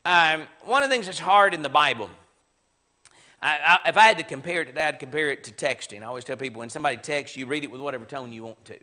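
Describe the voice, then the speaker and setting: A man's voice: fairly high pitch, fast talker, pushed and bright. A man with a Southern American accent teaching a Bible class in a conversational, emphatic way. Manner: conversational, emphatic, acts out sarcastic quotes. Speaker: preacher.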